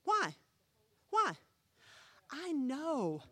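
A woman pastor preaching a sermon, emphatic, firing rhetorical questions and swinging from loud to hushed. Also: high-pitched, huge pitch swings, drawn-out words, dry recording.

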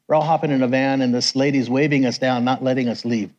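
A middle-aged man preaching, telling personal testimony stories with lively quoted voices. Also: fast talker, highs cut off. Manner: animated storyteller, raises pitch for quoted voices. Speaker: missionary preacher. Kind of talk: sermon testimony storytelling.

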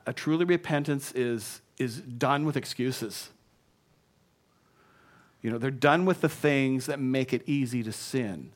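Rich: An animated man preaching a sermon, his pitch sitting in an ordinary middle range. He breaks off to act out excuses and weak apologies, then leads the congregation in call and response. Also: normal speed. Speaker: pastor. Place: church.

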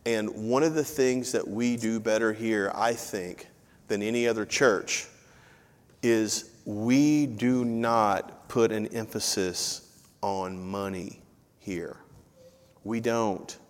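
A man's voice: fairly low pitch, steady tone, slow. A man preaching a sermon as pastor, chatty and joking, repeating key phrases for emphasis. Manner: conversational preaching with self-deprecating asides and repeated phrases. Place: church sanctuary. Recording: live church audio with long hall reverb.

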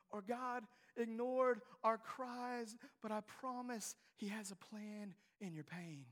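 A man preaching a sermon to a congregation, dropping to whispers and rising to shouts. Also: very high-pitched, fairly even intonation, a little slow. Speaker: pastor. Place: church hall before a congregation.

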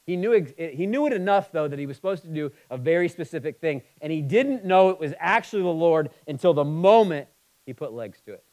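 A man preaching a sermon, moving between emphatic, passionate stretches and quiet, somber ones. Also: on the high side, animated, brisk, poor audio. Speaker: pastor.

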